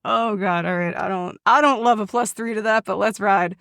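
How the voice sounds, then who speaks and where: A woman's voice: mid-range voice, normal speed, vocal fry, fairly bright tone, dry recording, studio quality. A woman playing a tabletop game, talking bluntly and swearing casually. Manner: profane, blunt. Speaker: player.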